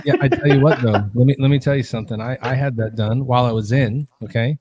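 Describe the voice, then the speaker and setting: A man's voice: medium pitch, fairly even intonation, quick pace, darkish tone. A man co-hosting a podcast, joking around and acting out what people said to him. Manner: joking, acts out quotes. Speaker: podcast co-host. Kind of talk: casual chat.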